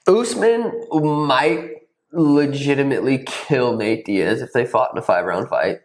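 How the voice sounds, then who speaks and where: Young guy hosting a podcast, middle-pitched voice, relaxed, swears freely, slips into voices of other people. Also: a little slow, rough recording. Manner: loose, swears a lot, animated impressions. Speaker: podcast host, fighter. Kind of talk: casual chat.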